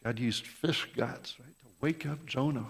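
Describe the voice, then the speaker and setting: A man's voice: mid-range voice, a little slow, gravelly, breathy edge. Impassioned man preaching in an echoing hall. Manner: impassioned, rhetorical questions, repeats words. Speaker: pastor. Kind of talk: sermon. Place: church sanctuary. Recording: long reverb of a large hall.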